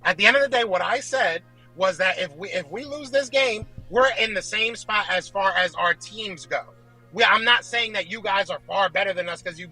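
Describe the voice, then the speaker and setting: Husky, exasperated man arguing his point. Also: sits high, pushed and bright, rough recording. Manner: defensive, exasperated, keeps asking to finish his point. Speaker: guest, Eagles fan. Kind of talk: heated casual debate.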